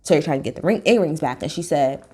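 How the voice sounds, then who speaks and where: A woman's voice: sits low, fast talker, slightly rough. A woman vlogger in casual chat, candid and slangy, swearing freely and mimicking others as she recaps. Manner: animated, mimics others mid-story.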